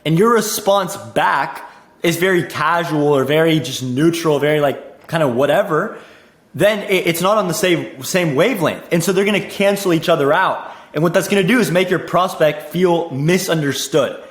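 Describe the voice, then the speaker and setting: A young man coaching on sales in a casual teaching monologue, energetic, repeating himself and saying "like" and "dude" a lot. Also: a little high, moderate pace, reverberant. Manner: energetic, repeats words, says "dude" and "like" often.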